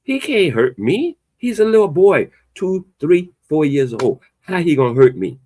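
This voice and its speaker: A man, hosting an opinionated podcast chat in an emphatic, animated way. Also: a little high, measured pace, no room sound. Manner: animated, emphatic, loose conversational delivery with a playful edge. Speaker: podcast host.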